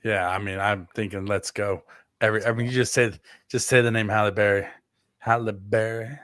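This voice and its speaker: A man's voice: on the low side, little pitch movement, brisk, a bit bright, no echo, studio quality. A man co-hosting a casual sports podcast, rambling with lots of fillers and restarts. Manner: rambling, filler-heavy, self-correcting. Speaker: podcast co-host.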